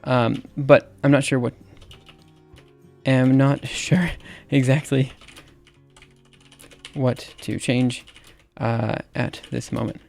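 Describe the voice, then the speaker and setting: Here the same kind of speaker, a Southern-accented Alabaman in his thirties, talks over his typing on a livestream in a level, creaky, medium-pitched voice with a darkish tone. His casual chat is hesitant and full of fillers, and he laughs at himself. Behind him are faint music and typing.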